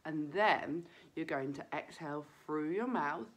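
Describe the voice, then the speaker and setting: A woman leading a children's breathing lesson, talking gently and encouragingly straight to the kids. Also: sits low, a little slow.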